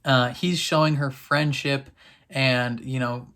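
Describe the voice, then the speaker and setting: A young man talks through an episode in a loose, rambling way. His voice sits at a middle pitch, and he leans on fillers and quick laughs as he recaps. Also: fairly even intonation, a bit bright. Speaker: TV reaction vlogger. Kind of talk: casual recap chat.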